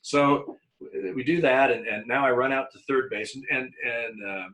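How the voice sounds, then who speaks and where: A man, a former umpire, telling lively anecdotes in an interview, with frequent restarts and acted-out quotes. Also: mid-range voice, moderate pace, low-quality recording. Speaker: retired baseball umpire guest. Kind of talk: storytelling in a conversational interview.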